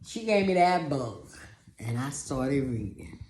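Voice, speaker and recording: A woman telling a personal story in a talk, animated, acting out other people's voices and often repeating words. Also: extremely low pitch, takes it slowly, echoey room. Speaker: speaker giving a talk.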